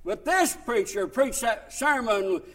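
A man's voice: very high voice, animated, takes it slowly, fairly bright tone. A man preaching a sermon, folksy storytelling that swells into fervent, raised passages.

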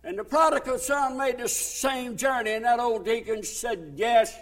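Preacher guy, real high pitched voice, folksy sermon that gets fired up. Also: moderate pace. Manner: folksy storytelling, swelling to fervent shouts.

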